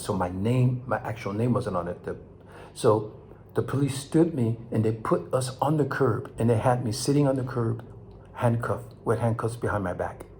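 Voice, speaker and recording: An older man with a low-pitched voice, talking to his viewers with passion. His voice climbs sharply when he is outraged and drops to a low murmur when he reflects. A faint hiss of noise sits under the recording. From Los Angeles, California. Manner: impassioned, rising to near shouts then dropping low. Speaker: vlog host. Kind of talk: emotional monologue to camera.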